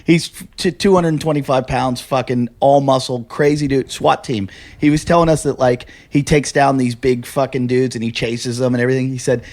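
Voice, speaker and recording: A man's voice: medium pitch, fairly even intonation, normal speed, darkish tone. A man eagerly retelling a story he heard, with jokes thrown into a casual podcast chat. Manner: eager, jokey, retells others' stories.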